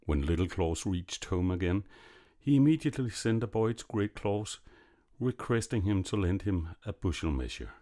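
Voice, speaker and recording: A man narrating a classic fairy tale in a measured, expressive reading. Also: low voice. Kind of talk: storybook narration.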